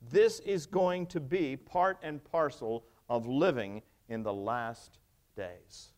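A man's voice: medium pitch, takes it slowly, darkish tone. A male pastor preaching a sermon, emphatic and wry, asking the congregation rhetorical questions. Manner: wry humor.

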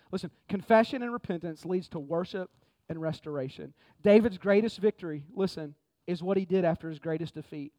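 A man preaching a sermon to his congregation, moving from hushed pleading to fervent exhortation. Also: a little high, fairly quick, few pauses, dry recording. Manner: repetitive preacher cadence, addresses the congregation directly. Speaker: pastor. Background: music.

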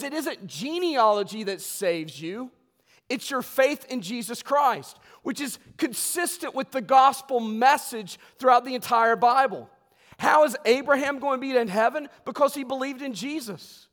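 A man preaching a sermon as pastor, telling stories and swinging between loud bursts and hushed, quiet lines. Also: very high-pitched. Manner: storytelling, swings from loud outbursts to hushed tones. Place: church sanctuary. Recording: long reverb of a church hall.

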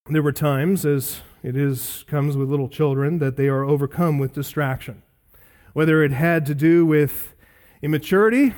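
A middle-aged male pastor delivering a sermon with a high, ringing voice. He preaches earnestly, leaning hard on key words and pausing for effect. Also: darkish tone. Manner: emphatic, earnest preaching with dramatic pauses.

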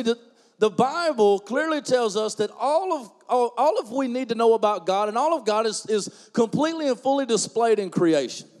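High-voiced preacher in a reverberant church. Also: male voice. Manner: swings from quiet asides to loud emphatic preaching; folksy, joking storyteller. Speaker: pastor. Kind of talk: sermon.

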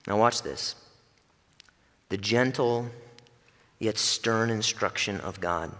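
Impassioned preacher in a reverberant hall. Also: male voice, takes it slowly. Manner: impassioned preaching, swings from loud rising questions to hushed low reading. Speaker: pastor. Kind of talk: sermon.

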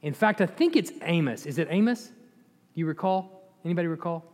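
Animated high-voiced man teaching a Bible class. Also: brisk. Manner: animated storytelling with laughs and asides to the class. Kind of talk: Bible study lesson. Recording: echoey hall.

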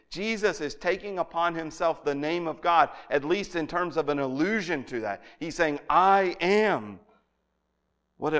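A man's voice: a little high, a bit bright, clear, resonant tone. Earnest man teaching scripture. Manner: earnest, emphatic, quoting scripture with repeated restarts. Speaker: Bible teacher. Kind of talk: lecture on scripture.

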